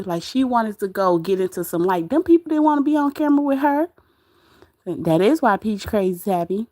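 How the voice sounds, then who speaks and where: A woman's voice: medium pitch, expressive, a little fast, a little mellow, dry recording, studio quality. A woman hosting a casual livestream, gossiping about another streamer and laughing often as she reads the chat. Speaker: livestream host.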